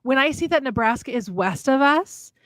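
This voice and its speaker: A woman's voice: sits high, normal speed, no echo, studio quality. A woman from Minnesota, co-hosting a podcast and chatting casually, telling stories and acting out the quotes. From Minnesota, USA. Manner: animated storyteller, acts out quotes. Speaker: podcast co-host. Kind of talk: casual chat.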